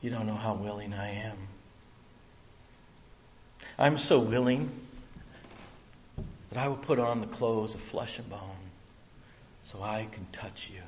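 A man preaching a sermon in a church room, dramatic, swinging from loud to hushed. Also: on the low side, slow, pauses often, muffled recording, a little hiss or hum.

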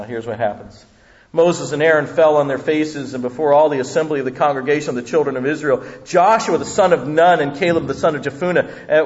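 A man preaching a sermon as pastor, telling the story with animated humor. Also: a little high. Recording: dull lo-fi recording.

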